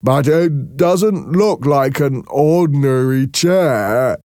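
A man voicing a timid, disfigured young man who speaks slowly and earnestly. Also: mid-range voice, expressive, darkish tone, no echo, clean studio sound, voice pushed up. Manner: slow, halting and earnest.

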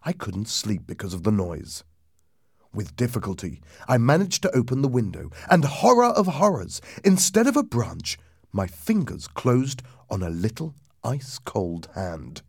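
A man narrating a ghost story aloud in a lively, dramatic reading that drops low and hushed for suspense. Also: measured pace, husky, dry recording, studio quality.

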